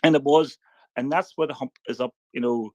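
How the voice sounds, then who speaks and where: Halting middle-aged Irish man, dry sound. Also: medium pitch, steady tone, a little mellow, no room sound. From Ireland. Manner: halting, repeats words while trying to get a turn. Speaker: caller in a live audio chat. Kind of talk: heated live audio chat.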